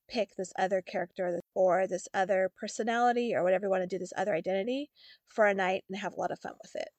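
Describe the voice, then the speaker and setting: A woman's voice: medium pitch, no echo. A woman co-hosting a podcast in casual chat, speaking in an easygoing, reflective way with frequent "like.". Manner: easygoing, reflective, uses "like" often. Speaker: podcast co-host.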